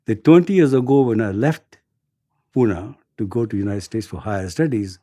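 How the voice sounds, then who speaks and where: Mellow-voiced Indian man in his sixties. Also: fairly low pitch, dry recording, clean studio sound. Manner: halting, with repeated words and chuckles. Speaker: interview guest. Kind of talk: storytelling in an interview.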